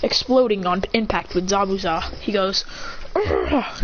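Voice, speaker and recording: Woman narrating a fan story, animated pitch, excitable, slightly muffled lo-fi recording. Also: a little fast, a little hiss or hum. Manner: excitable, acts out sounds and shouts.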